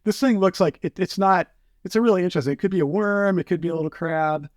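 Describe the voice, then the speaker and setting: A man telling fishing stories as a podcast guest, in casual chat, animated and full of fillers. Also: high-pitched, fast talker, no echo, studio quality. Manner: animated, acts out quotes, many fillers.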